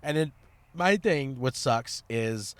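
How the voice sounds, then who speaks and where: A man's voice: mid-range voice, lively intonation, slow, clear, resonant tone, no room sound. A man co-hosting a podcast, talking in a loose, casual way, swearing and trailing off with fillers. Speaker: podcast co-host. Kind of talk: casual chat.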